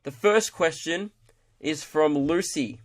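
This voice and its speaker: A young man rants his way through a comedy podcast, exasperated and sweary. His voice sits a little high for a man, and he breaks into quick mimicry of the people he mocks. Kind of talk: ranting comedy podcast monologue.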